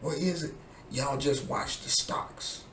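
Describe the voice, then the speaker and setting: A man's voice: a little high, slow, fairly bright tone, slight background noise. A man in a vlog, delivering an angry, profane political rant that keeps circling back to the same points. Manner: profane, heated, repetitive. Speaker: vlogger. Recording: echoey room with faint ambience.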